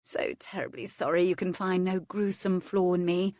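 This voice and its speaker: Brief: woman reading a witty young lady, poised and barbed, low-voiced, dry close mic. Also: normal speed, darkish tone, no echo, lightly acted. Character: witty young Regency lady, bold and cheeky.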